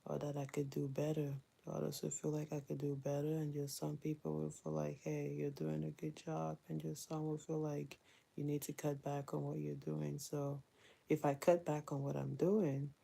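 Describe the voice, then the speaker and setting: A woman's voice: deep voice, moderate pace, gravelly, warm tone, husky. A woman chatting candidly as a mother vlogger while doing chores, laughing often.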